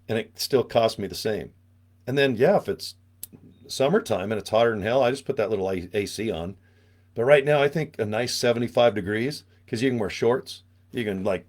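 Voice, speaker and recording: Rambling joking man, late fifties. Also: mid-range voice. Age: 50s. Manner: joking, rambling, tangent-prone. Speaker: webinar host. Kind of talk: rambling live webinar chat. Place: small radio studio room.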